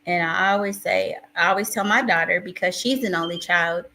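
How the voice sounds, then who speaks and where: A woman's voice: on the low side, a little fast, gravelly, pushed and bright, low-quality recording. A woman hosting a casual live stream, reading out viewers' chat messages. She talks emotionally in rambling restarts and calls herself a crier.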